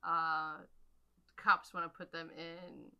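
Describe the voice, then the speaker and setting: A woman's voice: on the low side, flat delivery, takes it slowly, clean tone, dull audio. A young woman co-hosting a podcast, recapping a movie in casual chat with lots of fillers and laughs. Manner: rambling, laughs often, many fillers. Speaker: podcast co-host.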